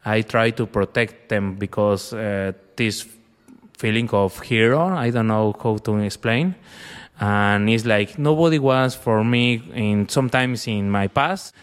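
Brief: young man, clear resonant voice, long reverb, halting storyteller. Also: fairly low pitch. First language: Spanish. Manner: halting, searching for words in a second language. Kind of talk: personal storytelling in conversation.

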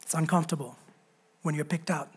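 A man preaching a sermon as a pastor, moving from raised, fervent passages to quiet, joking storytelling. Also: flat delivery, fairly quick, breathy edge. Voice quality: swings from loud preaching to low, quiet asides. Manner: humorous storytelling with self-deprecating jokes.

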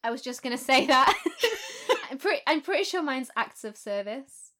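A woman's voice: sits high, animated, normal speed, sharp tone. A young woman co-hosting a podcast, chatting casually and rambling with frequent laughter. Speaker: podcast co-host. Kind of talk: casual chat.

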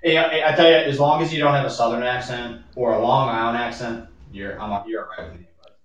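A man in his late twenties, a podcast guest, telling animated stories and mimicking other people in casual chat. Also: mid-range voice, fairly quick, muffled recording. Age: late 20s. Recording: roomy echo.

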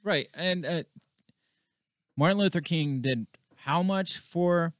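A man co-hosting a podcast, talking politics in a casual, animated way. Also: a little high, slow, dry recording, studio quality. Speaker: podcast co-host.

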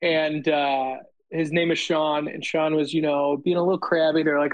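A man's voice: on the high side, normal speed, phone-quality sound. A man hosting a casual chat with friends, telling stories and acting out what people said. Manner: animated storyteller acting out quotes. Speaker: host.

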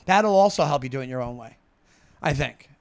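A man's voice: mid-range voice, animated, a little fast, gravelly. A man co-hosting a comedy podcast, rambling and correcting himself as he talks. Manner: rambling, self-correcting, enthusiastic. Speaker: podcast co-host. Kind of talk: casual comedy podcast chat.

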